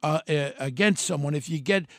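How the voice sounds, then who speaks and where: An older New Yorker and former mayoral candidate tells an animated story in a blunt, combative style, quoting people in shifting voices. His fairly high, slightly bright voice moves briskly, captured in a dry, clean studio recording.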